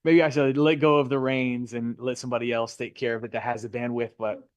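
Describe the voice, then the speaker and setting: A middle-aged man lectures a real estate class in a relaxed, chatty way, tossing questions to the room and cracking small jokes. His voice sits at an ordinary pitch, and the sound is dry and close. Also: fairly quick, no room sound. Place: Florida classroom.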